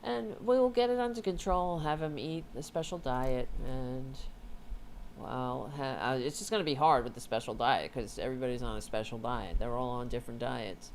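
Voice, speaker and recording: A woman's voice: rumbling low, moderate pace, darkish tone, slight background noise. A woman hosting a casual livestream, rambling and swearing as she chats and talks to her cat. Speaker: host.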